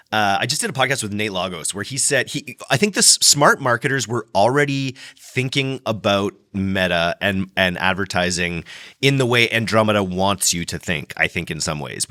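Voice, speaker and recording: A man's voice: fairly low pitch, pushed and bright. A man hosting a podcast, chatty and joking, asking long rambling questions. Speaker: podcast host. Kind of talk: casual podcast interview.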